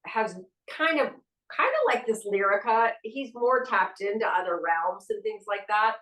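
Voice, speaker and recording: A woman hosting a podcast, telling stories in a casual, animated way and acting out the dialogue. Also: medium pitch, a little slow. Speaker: podcast host. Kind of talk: casual storytelling. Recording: roomy sound from a distant mic.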